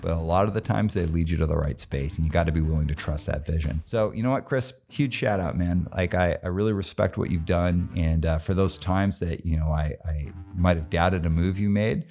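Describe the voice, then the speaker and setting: Middle-aged male podcast host, low gravelly voice, easygoing and casual. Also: brisk, hardly any pauses, darkish tone, soft background music. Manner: easygoing, loose, lots of fillers. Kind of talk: casual interview chat.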